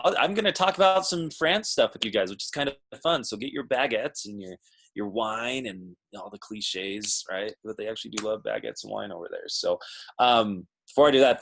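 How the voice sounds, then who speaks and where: A man's voice: fairly low pitch, fairly bright tone, low-quality recording. A man in his thirties on a video call from a small home alcove, talking to a team in a friendly, chatty, self-deprecating way. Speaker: guest speaker, corporate mentor.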